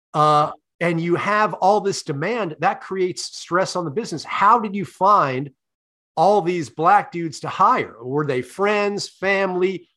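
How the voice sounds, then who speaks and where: High-voiced profane podcast host. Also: male voice. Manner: deadpan, profane, leading questions. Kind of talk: comic interview.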